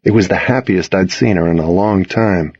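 Low, husky male audiobook narrator. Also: moderate pace, no echo, muffled recording. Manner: earnest, expressive dialogue reading. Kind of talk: first-person audiobook narration.

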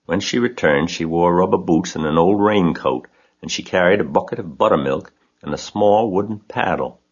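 A man narrating an audiobook in a steady, gentle storytelling manner. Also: low voice, normal speed, breathy edge. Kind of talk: audiobook reading. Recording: dull lo-fi recording.

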